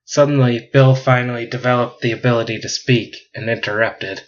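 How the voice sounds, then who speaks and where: A man's voice: mid-range voice, steady tone, a little fast. A man co-hosting a podcast, reading his sci-fi story aloud in a casual way and laughing at his own jokes. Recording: dull lo-fi recording.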